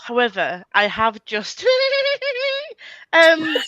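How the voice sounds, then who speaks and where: A woman hosting a casual reading livestream, giggly and excitable, who swears freely and talks over a video call. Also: extremely high pitch, very slow, dry recording, dull audio. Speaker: livestream host.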